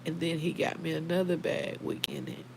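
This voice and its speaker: A woman's voice: low voice, little pitch movement, normal speed, vocal fry, a little mellow, a little hiss or hum, rough recording. A middle-aged woman, hosting a casual livestream, heartfelt and emotional, talking straight to her viewers by name. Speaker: livestream host.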